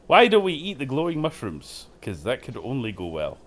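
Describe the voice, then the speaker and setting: A man's voice: medium pitch, wildly swooping pitch, normal speed, fairly bright tone. A man giving casual, joking commentary while playing a game, laughing often and poking fun at himself. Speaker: game streamer host.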